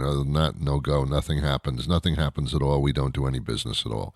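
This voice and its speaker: Deep-voiced ranting male talk host. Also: expressive, fast, few pauses, dry recording, clean studio sound. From Canada. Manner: ranting, incredulous, mocking imitations. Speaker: radio show host. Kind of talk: solo talk show monologue.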